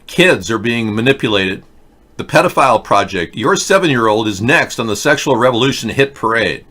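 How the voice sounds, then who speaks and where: A man's voice: mid-range voice, expressive, normal speed, pushed and bright. A man hosting a livestream political rant, sarcastic, mocking and rambling as he talks to his chat. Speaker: host.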